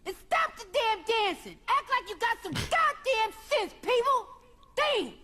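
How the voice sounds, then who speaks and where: A woman's voice: very high voice, big pitch swings, unhurried, bright, forceful tone, full character voice. A woman voicing an exasperated young cartoon boy who scolds a crowd in a profane rant. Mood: scolding. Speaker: cartoon character. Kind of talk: cartoon voice acting.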